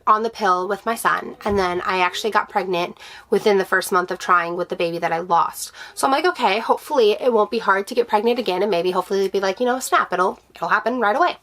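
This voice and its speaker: A woman's voice: medium pitch, fast talker, a bit bright. A woman sharing a personal update in a vlog, candid and emotional, with many fillers and restarts, reassuring her viewers. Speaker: vlogger, stay-at-home mom.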